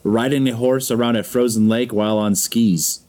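A man co-hosting a podcast, trading dry jokes in casual banter, often pausing on "uh". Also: medium pitch, fairly even intonation, a little mellow. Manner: dry, wry delivery with many filler uhs. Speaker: podcast co-host.

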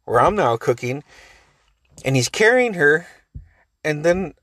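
A man's voice: fairly high pitch, big pitch swings, a little slow, fairly bright tone, no echo. A man in his forties casually telling a family story, rambling, cursing and laughing often.

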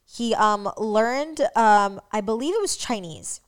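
A woman's voice: a little high, lively intonation, takes it slowly, smooth. A young woman from Staten Island, co-hosting a podcast and telling rambling stories with asides to viewers. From Staten Island, New York. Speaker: podcast co-host. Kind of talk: casual storytelling chat.

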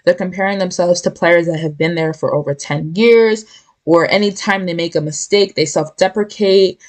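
A woman's voice: fairly low pitch, moderate pace. Emphatic young woman giving a pep talk. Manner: emphatic, repetitive pep talk, casual slang. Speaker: podcast host. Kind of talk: motivational podcast talk.

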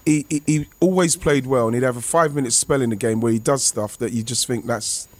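A former footballer, telling a rambling, excitable anecdote over a remote call. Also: male voice, medium pitch, brisk. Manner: rambling, excitable, many restarts and fillers. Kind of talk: casual anecdote on a podcast.

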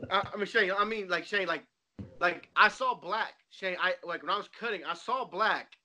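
A young adult man co-hosting a casual chat, animated, laughing often and swearing freely. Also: sits high, moderate pace, a little hiss or hum. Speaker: podcast co-host.

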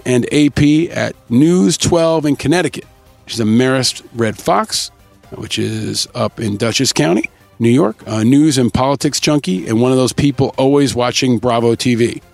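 A man hosting a podcast, upbeat as he reads out shout-outs and thanks to listeners in a casual scripted way. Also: mid-range voice, vocal fry. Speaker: podcast host.

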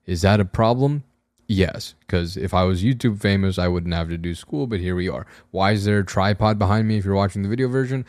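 A young man with a very low, slightly raspy voice hosts his own podcast alone. He rambles in a wry, self-deprecating way, restarting his sentences often. The sound is close and dry, with no room echo. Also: brisk, a little mellow. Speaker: podcast host. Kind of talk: casual solo podcast monologue. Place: room at home with a camera on a tripod.

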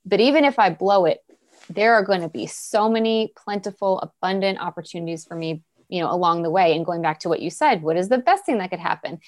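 A woman's voice: fairly low pitch, expressive, a little fast. A woman guest speaking as an author and coach in a casual podcast conversation, with an encouraging, coaching tone.

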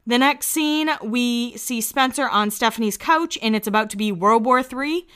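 Chatty woman with a smooth, clear voice. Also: a little high, fairly bright tone. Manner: chatty and amused, with quick asides. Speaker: podcast host recapping a reality show. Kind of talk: casual recap chat.

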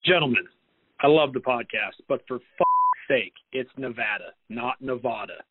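A man's voice: mid-range voice, huge pitch swings, a little slow, slightly rough. A man leaving an exasperated, profane voicemail to a podcast. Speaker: voicemail caller. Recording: tinny phone voicemail.

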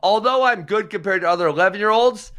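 A man's voice: high voice, quick pace. A man co-hosting a casual wrestling talk show, giving opinionated rants. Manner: opinionated, ranting, animated. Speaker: podcast co-host. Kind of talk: casual chat.

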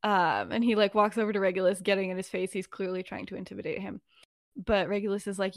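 A young woman co-host retells a story in a loose, casual way, stringing scenes together with fillers and "he's like." Her voice sits at an ordinary pitch, and the close mic gives a dry, dead sound. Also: fairly even intonation, fast, no room sound. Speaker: podcast co-host.

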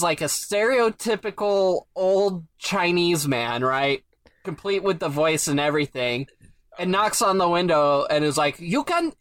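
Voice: mid-range voice, a bit bright, dry recording. A podcast host casually recapping a story, with an amused storytelling manner.

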